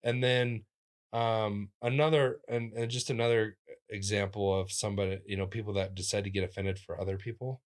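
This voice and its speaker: A male comedian tells stories in a relaxed interview, his fairly low voice leaping upward whenever he acts out someone he's quoting. He talks in quick restarts and fillers with lively energy. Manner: animated, acts out quoted voices with big pitch jumps. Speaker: comedian guest. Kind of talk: casual interview storytelling.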